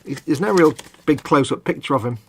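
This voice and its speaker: A man's voice: fairly high pitch, expressive, fairly quick, fairly bright tone, slight background noise. A man co-hosting a hobby live stream, chatting casually and rambling, often trailing off mid-thought. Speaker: co-host of a model-building live stream. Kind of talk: casual chat.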